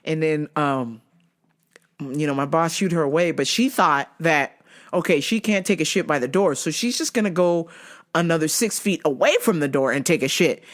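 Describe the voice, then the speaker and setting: A woman's voice: deep voice, moderate pace. A woman host telling work stories casually, profane and often laughing. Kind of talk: casual comedic storytelling.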